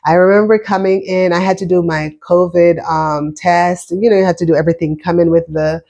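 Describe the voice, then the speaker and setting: A woman's voice: on the low side, fairly even intonation, fairly quick, vocal fry, dark tone. A woman in her fifties from Jamaica, long settled in America, speaks with a mixed Jamaican-American accent. She tells her own story to the camera in a loose, chatty vlog style, stopping to restart and repeat words as she goes. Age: 50s. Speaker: vlogger. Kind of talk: casual personal storytelling.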